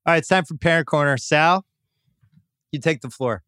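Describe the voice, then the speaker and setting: A man's voice: a little high, moderate pace, pushed and bright, smooth, no room sound, clean studio sound. A man hosting a casual podcast chat, ranting emphatically about sports. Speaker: podcast host.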